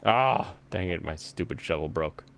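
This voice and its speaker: A man's voice: low-pitched, animated, moderate pace, gravelly, fairly bright tone, slight background noise. A man hosting a casual chat while playing a video game, rambling and easily amused, thinking aloud as he plays. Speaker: host.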